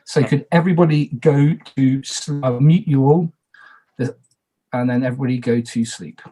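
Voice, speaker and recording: A man's voice: medium pitch, fairly even intonation, normal speed, mellow. Casual man moderating a party game. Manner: casual, chatty, repeats instructions, self-deprecating asides. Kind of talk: running an online party game over video call. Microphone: video call.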